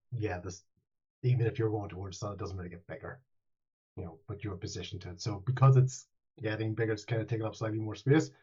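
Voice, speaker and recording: A man's voice: lowish voice, mellow, husky. A man running a tabletop game as game master, rambling and playful, often restarting his sentences, on a dull, lo-fi mic.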